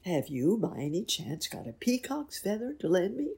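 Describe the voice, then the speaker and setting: Brief: woman voicing a plucky storybook fairy cat, eager, lively swings, a husky edge. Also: medium pitch, moderate pace, pitched above the performer's own voice, heavily acted. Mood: excited. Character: bold cheerful magic male fairy cat.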